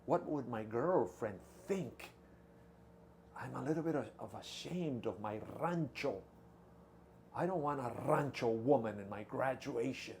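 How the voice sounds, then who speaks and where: A man's voice: medium pitch, expressive, a little slow, darkish tone, a little hiss or hum, pitched below the performer's own voice, natural voice. A man voicing an ashamed, snobbish young medical student thinking to himself. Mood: scornful. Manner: scornful inner monologue.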